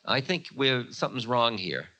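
A man voicing a loyal young prince who calmly refuses to leave his post. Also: medium pitch, normal speed. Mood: firm. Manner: steady, refusing.

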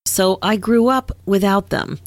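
A woman's voice: medium pitch, a little slow, no room sound. A woman in her fifties, a podcast host and midlife coach, telling her own story in a candid, conversational way with frequent laughs. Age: 50s. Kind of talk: personal storytelling monologue.

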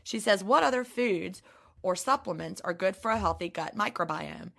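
Hoarse, gravelly woman with a Southern twang. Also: mid-range voice, animated, normal speed, fairly bright tone. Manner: chatty, laughs often, reads letters aloud. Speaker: podcast co-host. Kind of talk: casual podcast chat and reading listener mail.

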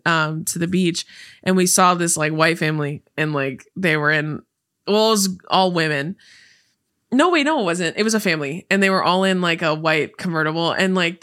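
Bright-voiced young woman chatting, laughing. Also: on the low side, moderate pace, clear, resonant tone. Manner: chatty, laughs often, lots of fillers. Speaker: podcast co-host. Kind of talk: casual chat.

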